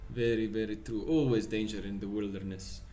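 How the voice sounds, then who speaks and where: A man's voice: on the low side, fairly even intonation, brisk, music in the background, natural voice. A man voicing a short, stocky, bristly-faced male smith with a put-on Russian accent, hearty and hospitable, speaking in broken grammar.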